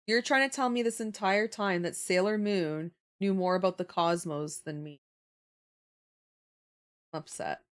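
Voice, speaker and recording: A chatty Canadian woman livestreams, casually talking with her viewers and responding to their comments. She's animated and laughs a lot, with a mid-range voice, an unhurried pace and frequent pauses.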